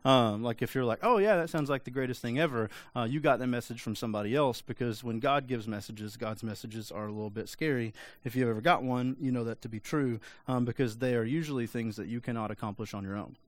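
A man's voice: medium pitch, steady tone, quick pace, hardly any pauses, dry recording. Male pastor, casual conversational sermon with humor, dry sound. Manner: casual, joking, conversational preaching.

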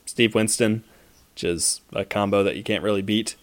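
A man's voice: on the low side, fairly even intonation, moderate pace. A man co-hosting a movie podcast, talking in a rambling, enthusiastic way full of fillers. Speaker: podcast co-host. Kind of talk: casual movie podcast chat.

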